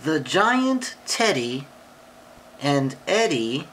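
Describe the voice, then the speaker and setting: Slow, lively woman reading a storybook. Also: deep voice, a little hiss or hum, poor audio. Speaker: parent reading to a child. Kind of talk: reading a picture book aloud.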